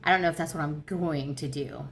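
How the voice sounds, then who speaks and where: A woman in her fifties chatting casually at home for her crochet vlog, rambling and easily excited. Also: low voice, fairly quick, a little hiss or hum. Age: 50s. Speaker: crochet vlogger. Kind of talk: casual chat.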